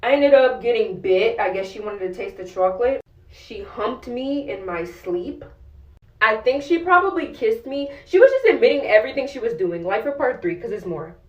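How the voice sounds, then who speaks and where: A woman's voice: fairly high pitch, very animated, moderate pace, distant mic, dull audio. A young woman telling a personal story to camera in blunt, slangy, profane casual talk. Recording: voice a bit off-mic.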